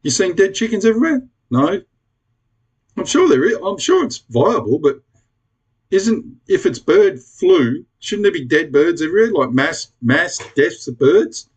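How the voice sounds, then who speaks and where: A man's voice: sits high, big pitch swings, measured pace, breathy edge. An Australian man ranting bluntly to camera in a casual vlog, swearing freely and pleading with his viewers. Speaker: prepper vlogger.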